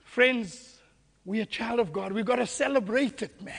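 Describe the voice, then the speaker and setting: A man's voice: very high voice, lively intonation, normal speed, sharp tone. A man preaching a sermon as pastor, repeating words and restarting as he questions his congregation, recorded in a church hall. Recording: echoey hall.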